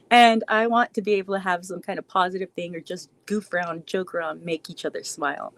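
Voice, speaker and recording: A woman's voice: on the low side, steady tone, a little fast. A woman live streaming a casual Q&A, answering chat in a rambling, reflective way with frequent restarts.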